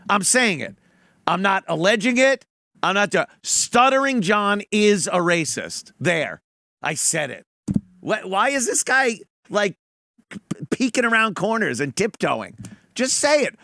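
A man hosts a podcast with sarcasm and a lot of swearing, slipping into mocking impressions. His voice is high for a man and gravelly, and it swings all over. The sound is dry and close. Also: sing-song, unhurried, pushed and bright, no room sound. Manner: sarcastic, profane, mimics people in a put-on voice. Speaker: podcast host. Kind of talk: mocking commentary on played clips.

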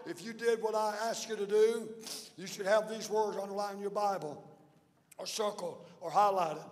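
A man preaching from the pulpit with a strikingly high voice that rings through a church with a long echo. He swings between fiery shouts and quieter, teacherly asides, walking his congregation through scripture line by line. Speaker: pastor. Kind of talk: sermon. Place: church sanctuary.

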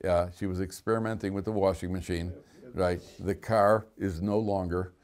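A man's voice: deep voice, normal speed. A man teaching a class as a rabbi, reading Hebrew verses, translating them and adding joking asides. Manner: animated, joking asides, reads Hebrew text then translates. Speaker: rabbi teaching weekly Torah portion. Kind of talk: classroom lecture with humor. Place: study hall classroom.

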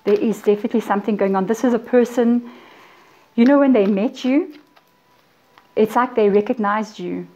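A woman's voice: on the high side, moderate pace, pauses often, mellow. Chatty woman giving a tarot reading. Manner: chatty, acts out quoted reactions, addresses viewers as guys. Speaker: tarot reader.

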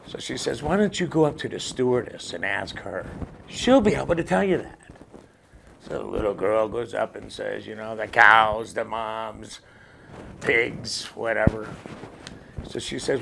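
A man hosting a comedy rant show, telling jokes with a loud, punchy delivery. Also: on the low side, expressive, unhurried, creaky, slight background noise.

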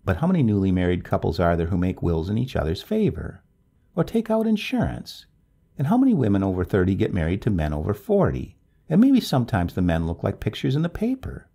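A cool, wry woman over thirty answers in a raised falsetto, calm and dryly reasonable, put on by a man reading a story. A gravelly, husky grain shows through the voice. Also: brisk, full character voice.

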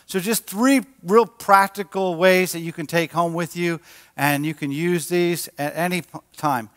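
A man, a pastor, preaching a sermon in a lively, animated way and acting out quoted voices. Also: sits high, measured pace. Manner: animated, acts out quotes with a raised voice. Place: church sanctuary. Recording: large church hall with long reverb.

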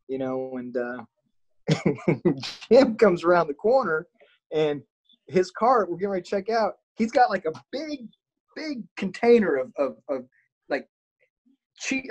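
A man, a podcast guest, telling an anecdote in casual chat, animated and chuckling as he goes. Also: on the high side, low-quality recording.

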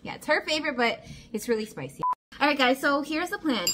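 A woman vlogging her family's day in a casual, running chat to the camera. Her voice sits a little on the high side, and her talk is loose and full of "like" and "guys." A faint hiss runs under the recording. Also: expressive, a little fast. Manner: chatty, fills with "like" and "guys".

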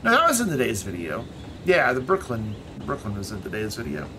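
A man streaming himself playing a city-building game, talking casually in a relaxed, rambling way and trailing off into muttered asides. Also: medium pitch, fairly quick, background noise.

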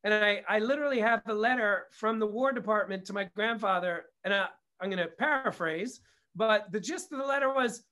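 A man's voice: high voice, a little fast, sharp tone. A middle-aged man, a guest on an interview show, telling family stories in a casual, candid way, swearing freely and wandering into asides. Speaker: guest, comedy producer and director.

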